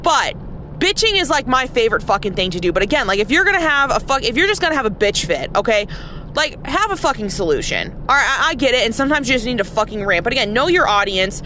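Woman, fairly high voice, sarcastic profane rant, faint vehicle hum behind. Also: sing-song, fast, sharp tone. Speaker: nurse. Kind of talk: casual rant to camera.

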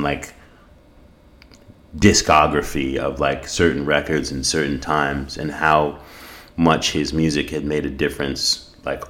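A man's voice: a bass voice, a bit bright. A middle-aged man from South Africa, a podcast guest, telling a personal story in an earnest, reflective way, with many fillers and restarts. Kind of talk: storytelling in casual conversation.

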